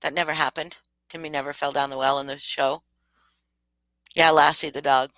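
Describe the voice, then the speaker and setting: Low, forceful woman chatting live. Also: normal speed, no echo, low-quality recording. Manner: animated, exclaiming in disbelief. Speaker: livestream host. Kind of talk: casual live chat reacting to viewers.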